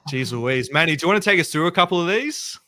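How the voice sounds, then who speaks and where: A man's voice: a little high, lively intonation, quick pace, sharp tone. An Australian man hosting a casual sports podcast, joking and steering the agenda. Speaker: podcast host.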